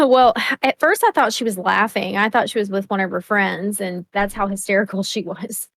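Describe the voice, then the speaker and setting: A woman's voice: mid-range voice, moderate pace, no room sound. A woman co-hosting a podcast in casual chat, telling a story bluntly with frequent laughs and swearing. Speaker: podcast co-host.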